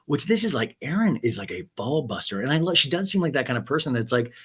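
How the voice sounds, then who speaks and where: A man's voice: medium pitch, fast, slightly rough. A man hosting a podcast, giving a chatty, playful recap of a reality show. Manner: chatty, playful, animated storyteller. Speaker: podcast host.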